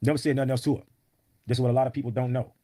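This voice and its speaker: A man's voice: medium pitch, flat delivery, very fast, dark tone, no echo. A man in an interview, telling a story in a blunt, emphatic, often profane way. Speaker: podcast guest.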